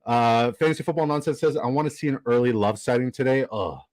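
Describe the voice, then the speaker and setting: A man's voice: mid-range voice, fast, no room sound, poor audio. A man hosting a live stream in a casual, upbeat way, rambling and reading out viewer comments. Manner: chatty and upbeat, rambling with fillers and shout-outs. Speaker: livestream host.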